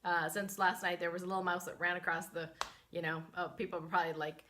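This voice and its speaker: A woman hosting a spiritual medicine vlog, telling a story in an animated, chatty way with many fillers, talking to a camera she holds herself. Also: lowish voice, fast, a little hiss or hum. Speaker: host and spiritual medicine practitioner. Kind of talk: casual storytelling.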